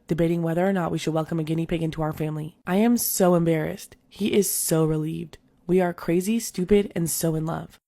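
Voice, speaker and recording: Gravelly, low-voiced woman telling a story. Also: darkish tone. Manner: wry, dramatic comic timing. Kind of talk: scripted storytime narration.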